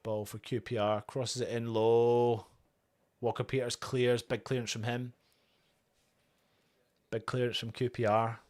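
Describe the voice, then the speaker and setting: A young man hosting a live fan watchalong, calling the play quietly and then erupting into shouts and chants. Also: mid-range voice, flat delivery, measured pace, long pauses. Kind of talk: live fan match commentary.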